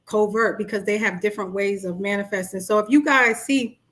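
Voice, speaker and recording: A woman's voice: medium pitch, brisk, fairly bright tone. A middle-aged woman with a New York accent, a life coach talking casually on a livestream and greeting her viewers by name. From Brooklyn, New York. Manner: chatty, greets commenters by name.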